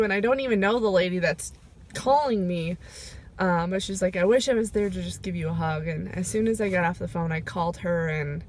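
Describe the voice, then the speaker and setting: A woman recording a personal video diary, talking reflectively and emotionally, pausing often with fillers as she goes. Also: lowish voice, a little mellow. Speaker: vlogger. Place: sitting in her car. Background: rain.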